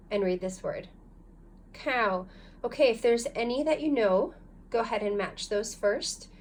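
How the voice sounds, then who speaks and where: Woman teacher doing a phonics lesson, patient, step by step, medium pitch, bit of faint noise. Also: darkish tone. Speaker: language teacher.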